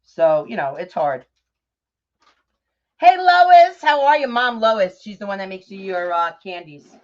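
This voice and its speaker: A woman's voice: medium pitch, very animated, measured pace. A middle-aged woman hosting a craft livestream, chatting casually, greeting viewers by name and laughing often. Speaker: livestream host of a bow-making craft show. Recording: dull lo-fi livestream audio.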